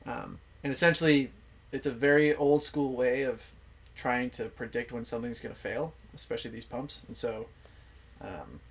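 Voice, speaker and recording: A man's voice: medium pitch, steady tone, moderate pace, breathy edge. A young man as a podcast guest, chatting casually, laughing easily and explaining things with lots of fillers. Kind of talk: casual chat.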